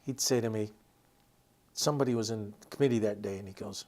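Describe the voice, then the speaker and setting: A man's voice: fairly low pitch, brisk, a little mellow. A middle-aged man with a Vermont accent, an author chatting as a guest and telling stories about an old friend with chuckles. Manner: storytelling, chuckles while recounting anecdotes. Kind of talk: casual interview chat.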